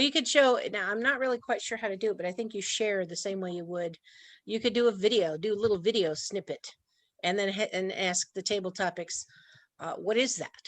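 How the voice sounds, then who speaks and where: A woman's voice: medium pitch, dry recording. A woman presenting an online training talk in a chatty way, laughing often. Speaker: workshop presenter.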